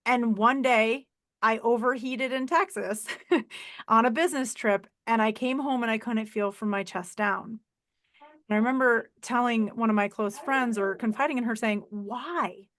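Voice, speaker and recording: Podcast host, woman in her 40s, bright higher pitch, animated storyteller, video-call audio. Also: normal speed. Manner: animated, emotional storyteller who acts out voices in quotes. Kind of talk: casual conversational storytelling.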